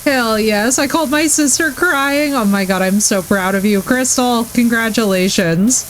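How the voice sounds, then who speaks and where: A young adult woman streamer in casual live-stream chat, gushing and excitable as she talks to her chat. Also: on the high side, normal speed, a little hiss or hum, low-quality recording.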